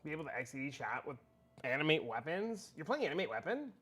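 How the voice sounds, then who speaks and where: A man's voice: fairly high pitch, big pitch swings, fast talker, fairly bright tone, breathy edge. A man livestreaming, chatting casually with his viewers in a rambling, profane way, often repeating himself.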